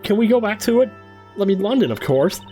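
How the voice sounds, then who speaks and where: An actress voicing an earnest, excitable young boy apprentice in a video game. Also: medium pitch, brisk, faint music behind, lightly acted. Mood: eager.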